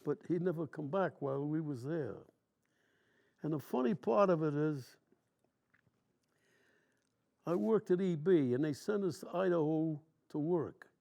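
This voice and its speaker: A man's voice: fairly high pitch, a little slow, vocal fry, pauses often, dark tone. A man in his nineties, a war veteran, telling long stories from memory in plain, rambling, colloquial speech during an interview. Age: 90s.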